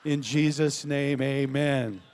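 A man voicing a hungry bear that says grace before eating, in a slow, solemn mock-prayer. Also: medium pitch, fairly even intonation, a little mellow, smooth, some chatter behind, voice pushed down, natural voice. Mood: pious. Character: praying hungry bear, male.

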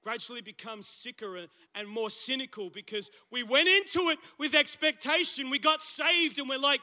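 Husky Australian preacher with a bright, sharp voice. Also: male voice, extremely high pitch, moderate pace. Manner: conversational, animated preaching with slang asides. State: recovering from flu, husky. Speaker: pastor. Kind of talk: sermon. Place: church service.

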